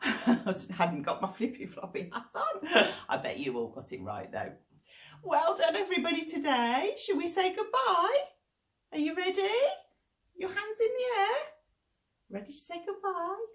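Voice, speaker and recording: A woman librarian leading action rhymes for small children, playful and sing-song, dropping to whispers and rising to high squeals. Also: big pitch swings, normal speed, roomy sound. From England.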